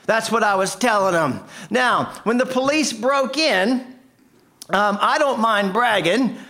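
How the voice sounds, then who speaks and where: A man performing a comic tall tale, with a deadpan, punchy delivery. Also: high voice. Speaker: storyteller.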